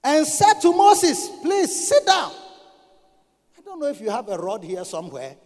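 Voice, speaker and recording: A man preaching a sermon, swinging between loud emphatic bursts and quiet asides. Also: sits high, wildly swooping pitch, a little fast, in a large hall. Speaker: pastor.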